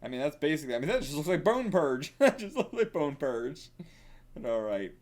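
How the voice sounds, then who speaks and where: Excitable man thinking aloud. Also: a little high, fairly quick. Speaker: manga reaction host. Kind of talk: casual reaction commentary.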